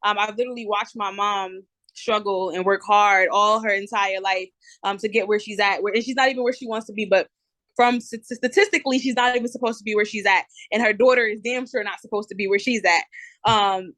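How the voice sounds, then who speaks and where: Young woman, twenties, New Jersey accent, lively podcast guest, close dry mic. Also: mid-range voice, brisk, dry recording. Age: 20s. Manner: lively, chatty storyteller. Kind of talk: casual interview.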